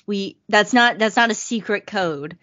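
A woman's voice: medium pitch, a little slow, bright, forceful tone. A woman co-hosting a podcast in casual comedic chat, gossipy, retelling social media posts. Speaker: podcast co-host. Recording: dull lo-fi podcast audio.

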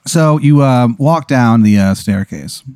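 A man's voice: mid-range voice, animated, unhurried, a little mellow, clear, resonant tone, no echo, clean studio sound. A man hosting a comedy podcast, improvising a rambling story full of fillers. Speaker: podcast host.

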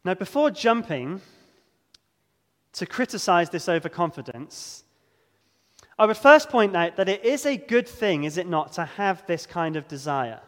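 A man preaching a sermon, earnest and emphatic, slowing down to stress key words. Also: high-pitched, very animated, big-room sound.

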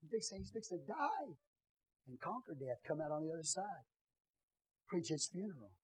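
A man preaching a sermon in a church, swinging from quiet teaching to loud shouted preaching. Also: fairly high pitch, very animated, moderate pace, breathy edge, poor audio. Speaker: pastor. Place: church sanctuary.

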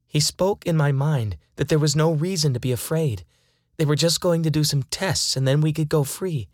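A woman's voice: deep voice, a little mellow, dry recording, studio quality. A woman playing a frightened woman taken by aliens, her fearful pleading turning into angry defiance. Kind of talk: dramatized first-person account.

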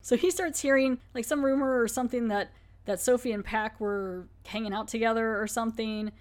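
A woman's voice: a little high, a little fast. A woman hosting a podcast, chatting casually and full of fillers as she recaps and reviews a TV episode. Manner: chatty, filler-heavy, acts out quotes.

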